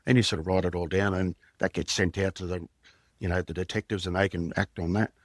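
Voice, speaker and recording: A man's voice: low voice, steady tone, a little fast, no echo, studio quality. A man in his fifties with an Australian accent, a podcast guest telling his story in a plain-spoken, rambling way with slang. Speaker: podcast guest, former undercover detective. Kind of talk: candid storytelling in conversation.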